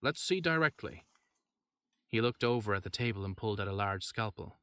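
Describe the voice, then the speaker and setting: A man reading a horror story aloud in steady narration, with wry asides. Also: on the low side, fast talker, smooth.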